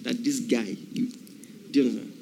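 A man's voice: mid-range voice, steady tone, brisk, creaky, mellow, a little hiss or hum. A man preaching a sermon, emphatic, repeating key phrases and acting out the voices of people in the story.

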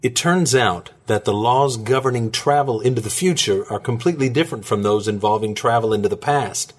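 A man narrating fiction in a steady, measured storytelling manner. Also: mid-range voice, breathy edge.

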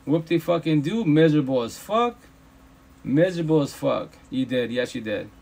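A man's voice: fairly high pitch, animated, moderate pace, gravelly, darkish tone. A man hosting a livestream, ranting in a casual, preachy way, emphatic and profane, repeating himself. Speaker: livestream host. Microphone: phone livestream.

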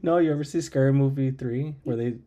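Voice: medium pitch, a little fast, dark tone. Co-host, mid-range voice, casual storyteller who laughs along. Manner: laid-back, laughs at own stories. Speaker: podcast co-host.

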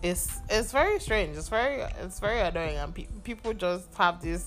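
A young woman with a Nigerian accent vents on her solo podcast, exasperated and swearing freely. Her fairly low voice swings widely up and down as she tells it. Soft music plays faintly underneath. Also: normal speed. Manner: exasperated, animated storytelling with swearing. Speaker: podcast host. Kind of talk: casual solo venting monologue.

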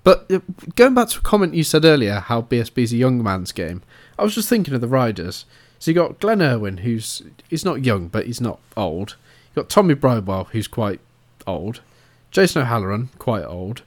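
A man's voice: medium pitch, sing-song, normal speed, hardly any pauses. Chatty man co-hosting a podcast. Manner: chatty, teasing banter with a co-host. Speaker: podcast co-host. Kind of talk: casual chat.

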